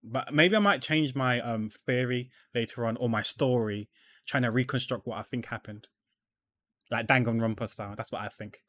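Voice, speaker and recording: A man's voice: mid-range voice, normal speed. Rambling male gamer thinking aloud. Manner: rambling, many fillers and restarts, trails off quietly. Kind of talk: casual gameplay commentary.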